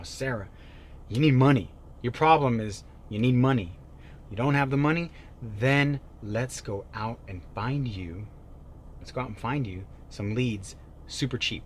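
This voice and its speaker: A man's voice: mid-range voice, a little hiss or hum. Emphatic man coaching sales. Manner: emphatic, animated, swings between loud bursts and quiet asides. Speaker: real estate sales coach. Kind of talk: motivational coaching talk.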